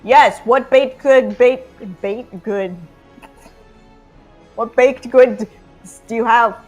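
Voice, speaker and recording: A woman playing in a tabletop session, chatting casually and joking with the others. Her voice sits a little high, and faint music plays behind her. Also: extremely slow, a little mellow. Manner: playful, giggly, jokes around. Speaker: player. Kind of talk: casual tabletop game play.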